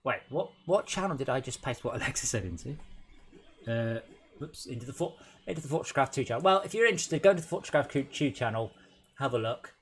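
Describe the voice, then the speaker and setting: A young man, a game developer streaming his work, chats casually on a livestream as he works. His medium-pitched voice is a little fast with lively intonation, and he thinks aloud, often trailing off mid-sentence.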